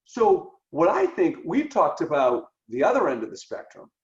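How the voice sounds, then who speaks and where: A man co-hosting a podcast, talking through ideas in an animated way and acting out quoted dialogue. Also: a little high, moderate pace. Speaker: podcast co-host. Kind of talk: conversational podcast discussion. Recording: roomy, dull lo-fi sound.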